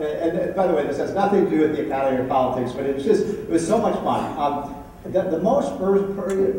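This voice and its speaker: A man's voice: on the high side, warm tone. A man giving a keynote dinner speech, telling joking anecdotes in a rambling way with many restarts. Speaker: keynote speaker. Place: banquet hall. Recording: echoey hall, distant mic, faint room noise.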